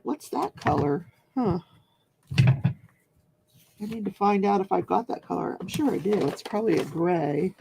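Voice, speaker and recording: A woman in her forties hosts a live crafting stream in an easygoing, unhurried way. Her voice has a gravelly edge. She chats with viewers, reads their comments aloud and laughs often, and the sound is dry and close. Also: on the low side, a little mellow, no room sound. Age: 40s. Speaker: host of a live crafting show. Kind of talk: casual live-stream chat while crafting.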